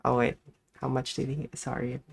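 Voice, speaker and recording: A woman's voice: extremely low pitch, little pitch movement, moderate pace, vocal fry, husky. A young woman from the Philippines streaming a game live, chatting to herself, swearing and squealing greetings at customers. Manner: swearing, chatty self-talk while playing. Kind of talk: live gameplay chat.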